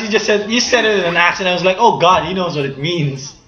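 A man's voice: sits high, quick pace, pushed and bright, lo-fi sound. A young man playing a video game and bantering with a friend, often laughing and teasing. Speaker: gamer. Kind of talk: casual gaming banter. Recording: roomy home recording.

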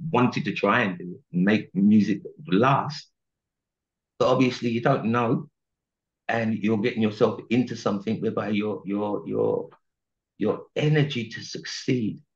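A man's voice: fairly low pitch, dull audio. A man, a singer talking earnestly about growing up, leaning on "you know" and "right?". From South London, England. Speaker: singer, interview guest. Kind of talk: candid reflective interview talk.

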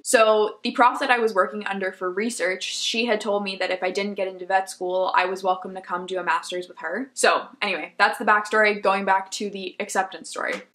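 A woman in her twenties tells a personal story to camera in a chatty, animated way, leaning on fillers as she goes. Her voice is bright and clear, sitting at a middling pitch. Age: 20s. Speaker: vlogger, veterinary student. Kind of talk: storytime vlog.

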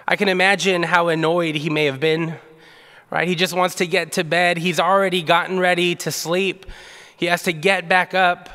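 Male pastor, slightly higher voice, easygoing sermon storytelling, hall reverb. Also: clean tone. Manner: relaxed, conversational, with fillers.

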